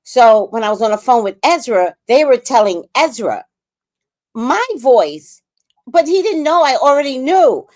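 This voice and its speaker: Slow, lively grandmother storyteller. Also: fairly high pitch. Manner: blunt, profane, storytelling. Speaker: livestream host. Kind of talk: casual livestream chat.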